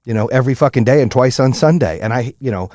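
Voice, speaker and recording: A man hosting a podcast, giving an intense, profane motivational monologue in a high-strung, high-energy way. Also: animated, quick pace, darkish tone, dry recording, clean studio sound. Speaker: podcast host.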